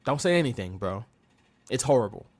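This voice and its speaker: A man co-hosting a podcast, recapping in casual chat with animated storytelling and mocking quotes. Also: mid-range voice, a little fast. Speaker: podcast co-host.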